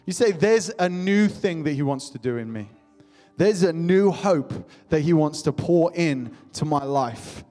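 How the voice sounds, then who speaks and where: A man's voice: on the high side, animated, a little slow, warm tone. A young adult man preaching a sermon to his church, passionate and repetitive, calling out to the congregation. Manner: impassioned, repetitive calls to the congregation. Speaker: pastor. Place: church hall. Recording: long hall reverb with faint music.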